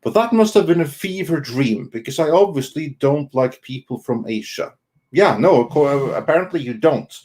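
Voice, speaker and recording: Halting male live-stream co-host. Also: a little high, expressive, darkish tone. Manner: halting, many ums and restarts. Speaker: co-host of an online entertainment news show. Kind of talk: casual live-stream chat reading Super Chats.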